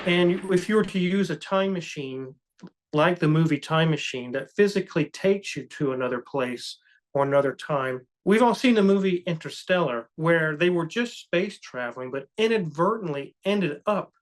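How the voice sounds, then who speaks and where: A man's voice: a little high, lively intonation, moderate pace. Earnest man musing on a podcast. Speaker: co-host. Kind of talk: casual podcast chat.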